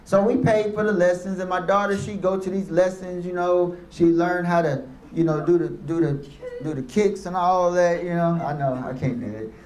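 A man delivers a motivational speech, pulling his listeners in with stories and calls for an amen. His voice sits high for a man. It rings around an echoey room full of people. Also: steady tone, normal speed, darkish tone, a little hiss or hum. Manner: storytelling with call-and-response. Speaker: motivational speaker. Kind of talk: motivational speech to youth and parents. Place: room with a live audience.

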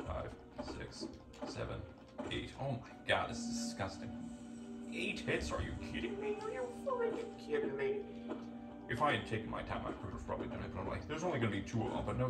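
Gravelly, cursing man playing a game. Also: on the low side. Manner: exasperated, cursing at enemies, self-mocking. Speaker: gameplay commentator. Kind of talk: let's play commentary. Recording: echoey room, distant mic, loud game music. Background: game music.

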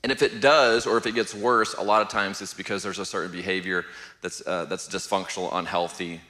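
Middle-aged pastor teaching a marriage class, lowish voice, calm and steady, hall echo behind him. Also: male voice, brisk. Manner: steady, even-keeled, asks the room "how many know". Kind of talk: conversational church class teaching.

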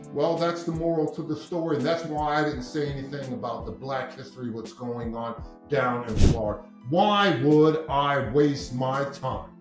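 Guy hosting a talk from his study, emphatic storyteller, echoey room, soft music behind. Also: a little high. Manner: deliberate, emphatic. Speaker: host and educator. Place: home study.

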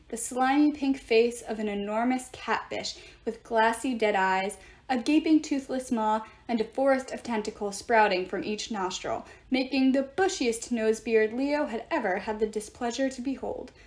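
Woman reading a novel aloud. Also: fairly high pitch. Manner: expressive storytelling. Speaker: book reader.

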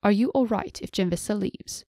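A woman voicing a cautious, high-ranking woman who speaks carefully and reassuringly in an audiobook. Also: normal speed, mellow, no echo, studio quality, lightly acted.

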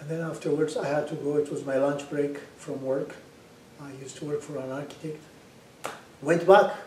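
Man, Amharic speaker, testimony preacher, hesitant fillers, mellow higher voice, echoey room far from the mic. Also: a little hiss or hum. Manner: hesitant with frequent 'uh' fillers, rising to loud fervent praise. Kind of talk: spoken testimony, sermon-like storytelling.

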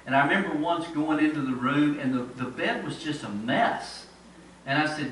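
A man's voice: on the high side, moderate pace, fairly bright tone, slight background noise. A middle-aged man preaching a sermon in a church, earnest, often repeating words as he builds a point. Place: church sanctuary. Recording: very echoey church from a distance.

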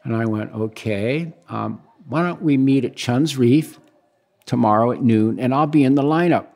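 A man in his sixties from the United States, telling stories as a guest in a relaxed, rambling way and acting out the dialogue he quotes. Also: medium pitch, moderate pace, gravelly. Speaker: guest, big-wave surfer. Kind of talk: casual storytelling interview.

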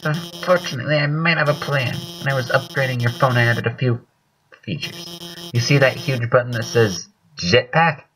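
A man voicing a flustered female lizard scientist, stumbling over her words in a high, wobbling voice. The pitch leaps around with every nervous burst. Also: animated, normal speed, background noise, lightly acted. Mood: anxious. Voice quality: stammering, flustered. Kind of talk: game dialogue voiced by a player.

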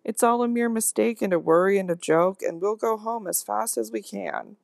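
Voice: mid-range voice, moderate pace, vocal fry, no echo, studio quality, pitched above the performer's own voice, close to an everyday voice. A reader voicing a fretful, kindly older woman housekeeper who coaxes and soothes a child in homely, ungrammatical speech. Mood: anxious coaxing. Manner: soothing, pleading, country grammar.

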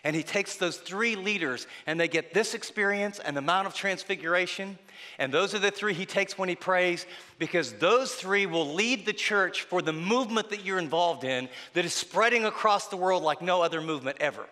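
A man preaching a sermon, telling the story dramatically and swinging between loud passages and hushed ones. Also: high-pitched, normal speed, long reverb tail. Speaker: pastor.

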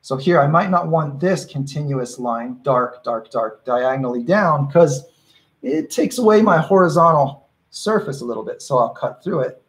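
A man's voice: fairly high pitch, animated, normal speed, poor audio. A man teaching a live painting workshop, explaining his brushwork in a casual, encouraging way and often restarting his sentences as he thinks aloud. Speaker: painting instructor.

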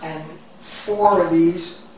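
A man with a fairly high voice walks through his found-object artworks, musing aloud and circling back to his points. He sounds set back from the microphone in a very echoey room, with a faint hiss beneath him. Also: fairly even intonation, distant mic. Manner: rambling and reflective, with pauses and restarts. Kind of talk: casual talk about his own artworks.

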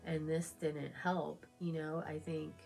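A woman's voice: low voice, little pitch movement, unhurried, vocal fry, mellow, faint music behind. A woman vlogger chatting casually while getting ready, telling an emotional personal story full of fillers and repeats. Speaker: beauty vlogger. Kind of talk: casual chat during a get-ready-with-me video.

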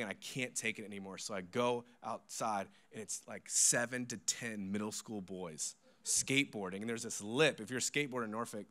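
A man in his thirties, a pastor, telling a sermon story in an animated, self-deprecating, joking way. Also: lowish voice.

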